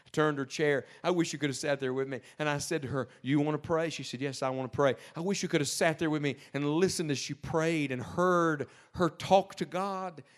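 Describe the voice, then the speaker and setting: A man preaching a sermon, telling a story earnestly, dropping to a hush and then rising to emphatic peaks. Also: a little high, brisk, hardly any pauses. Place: church service with a live audience.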